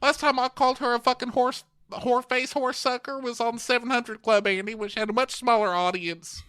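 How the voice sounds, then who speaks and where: A flippant reality-star woman , voiced by a man, shrugs things off in a high, breezy put-on tone. The sound is bright and crisp. It is dry and close, with no room around it. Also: fairly even intonation, normal speed, no room sound.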